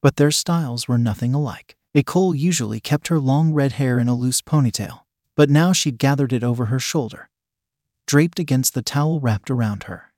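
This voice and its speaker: A man narrates a first-person story in a plain, conversational reading. His voice sits at a middle pitch for a man, and the recording is dry, with no room sound at all. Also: a little mellow, no echo.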